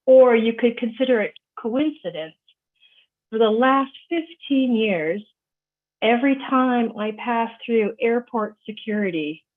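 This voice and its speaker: A woman storyteller telling a personal anecdote to an audience, lively and acting out the voices of her family. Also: mid-range voice. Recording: tinny phone-like video call audio.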